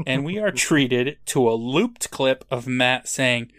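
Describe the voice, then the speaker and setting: A man's voice: medium pitch, slow pace, few pauses, fairly bright tone, dry recording, clean studio sound. A man co-hosting a podcast, casually recapping an episode and chuckling as he acts out quotes. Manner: laughing storyteller, acting out quotes. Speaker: podcast co-host.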